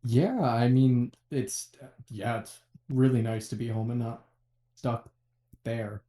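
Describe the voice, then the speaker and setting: A laid-back man playing in a tabletop game, stumbling over his words as he speaks. His voice sits at a medium pitch and rings a little in the room. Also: slow, dark tone, roomy sound. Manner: easygoing, stammering. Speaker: player.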